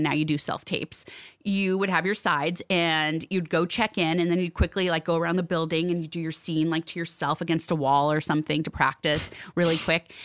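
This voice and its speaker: A woman's voice: on the low side, fairly bright tone, no echo, studio quality. A woman co-hosting a casual podcast chat, telling stories with lots of fillers. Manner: chatty, storytelling with many fillers. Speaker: podcast co-host.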